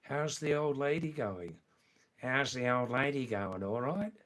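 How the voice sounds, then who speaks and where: A man's voice: mid-range voice, lively intonation, lightly acted. A man putting on a cheery, overfamiliar Australian bloke, bantering heartily. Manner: hearty, fast repeated banter.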